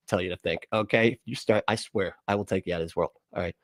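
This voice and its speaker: A man's voice: low voice, fast talker, hardly any pauses, dry recording. A man hosting a livestream reaction, speaking in a profane, sarcastic and incredulous manner into a close mic. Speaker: livestream host.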